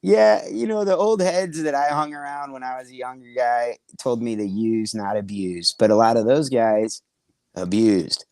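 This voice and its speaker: A middle-aged man tells loose, profane stories on a comedy podcast, laughing as he goes. His voice sits at an ordinary pitch and sounds dry and close, with no room around it. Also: normal speed, darkish tone, dry recording. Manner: profane, laughing, rambling anecdotes. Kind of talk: casual storytelling chat.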